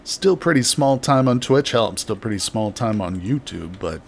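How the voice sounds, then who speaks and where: A man's voice: on the low side, animated, normal speed, a little hiss or hum. A man doing live gameplay commentary and chatting with viewers in a jokey, rambling way, from a home streaming setup with the microphone very close to his mouth. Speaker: livestreamer.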